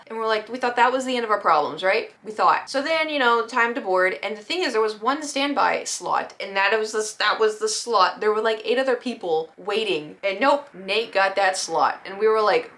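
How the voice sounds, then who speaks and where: Young woman, casual vlog storyteller, animated, mid-range voice, acts out quotes. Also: mid-range voice, fairly quick, hardly any pauses. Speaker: vlogger.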